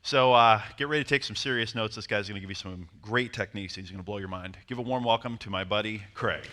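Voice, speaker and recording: A man coaching a seminar audience on dating, animated and acting out short bits of dialogue. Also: on the low side, quick pace, slight background noise. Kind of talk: seminar talk to a live audience.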